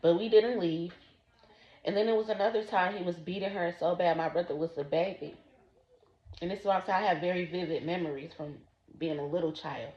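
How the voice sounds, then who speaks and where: A woman telling a personal story slowly and deliberately to her vlog audience. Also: on the low side, steady tone. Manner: slow, deliberate recounting. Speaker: vlogger. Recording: roomy, dull lo-fi sound.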